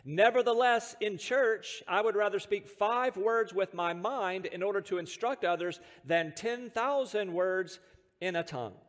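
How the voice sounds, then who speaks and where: An American pastor preaches with a high, light voice that carries a long reverb through a church sanctuary. He tells stories with self-deprecating humor and chuckles between points. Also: unhurried, fairly bright tone. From United States. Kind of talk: sermon.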